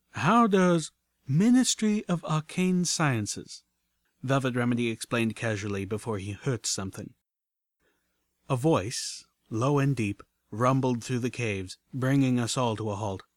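Man, audiobook narrator, mid pitch, measured storytelling, dry close mic. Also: no echo. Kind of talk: first-person story reading.

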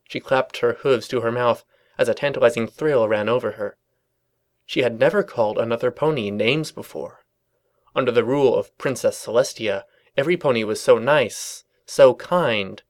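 A man narrating a storybook reading in a dry, even storytelling manner. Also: medium pitch, moderate pace. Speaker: reader.

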